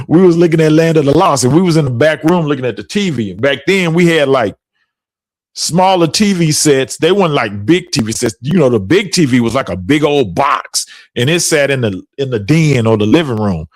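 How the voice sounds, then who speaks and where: A man's voice: fairly high pitch, animated, normal speed, no room sound. A middle-aged man hosting a podcast, telling stories in a casual chat and laughing often. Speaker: podcast host.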